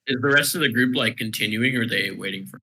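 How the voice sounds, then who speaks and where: Man, tabletop player, laid-back and questioning, low bright voice. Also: quick pace. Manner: laid-back, questioning, says yeah a lot. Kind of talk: casual tabletop play.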